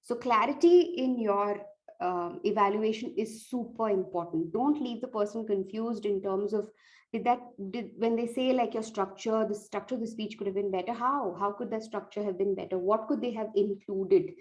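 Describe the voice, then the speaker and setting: Woman, public-speaking coach, earnest, direct, advice-giving, mid-pitched voice. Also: moderate pace, muffled recording. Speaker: speech contest coach. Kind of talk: talk giving evaluation contest tips.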